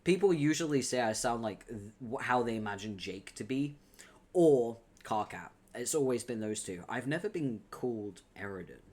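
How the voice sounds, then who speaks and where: A man streaming at his desk mic, reading a webcomic aloud and breaking off to chat with his viewers. His talk is loose and casual, full of quick laughs and offhand swearing. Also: mid-range voice, lively intonation, darkish tone. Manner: laughs often, swears casually, chatty asides.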